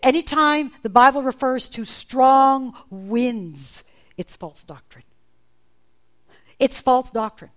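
A woman preaching a sermon, animated, acting out the voices in the Bible story she retells. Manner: animated, acts out voices in quotes with big pitch jumps.

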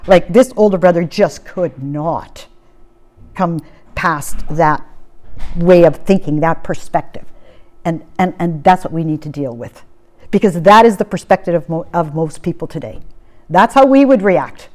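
Woman preacher, animated storyteller in a sermon, acts out the characters. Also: lowish voice, measured pace.

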